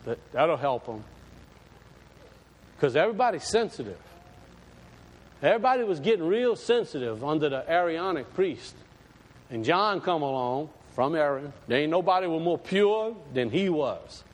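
A man's voice: on the high side, sing-song, moderate pace, pauses often. A man preaching a sermon in a folksy, storytelling way with sudden emphatic swells. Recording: echoey hall.

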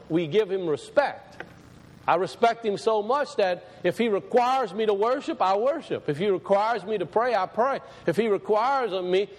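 A man delivers a sermon in a high, light voice. He talks in a conversational way and repeats phrases to drive them home. When he reads scripture he slows down and lifts his voice, and a long reverb from the hall trails behind him. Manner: slows and rises when reading scripture aloud. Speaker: preacher.

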